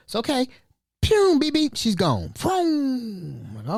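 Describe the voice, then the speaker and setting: A man's voice: sits high, huge pitch swings, normal speed, darkish tone, no echo, studio quality. A man hosting a podcast, telling a story casually and animatedly, acting out quotes and sound effects. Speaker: podcast host.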